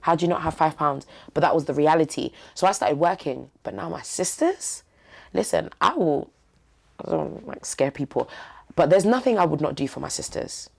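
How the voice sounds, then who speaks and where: Young woman, low voice with lots of fry, talking straight from the heart, bit of slang. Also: animated, moderate pace, darkish tone. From East London. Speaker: podcast guest. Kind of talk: candid interview talk.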